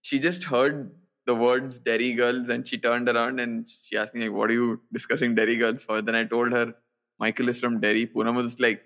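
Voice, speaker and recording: A man's voice: mid-range voice, level tone, a little fast, a bit bright. A young man co-hosting a podcast, chatting casually and telling a story with fillers, restarts and easy laughs. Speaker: podcast co-host. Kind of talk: casual chat.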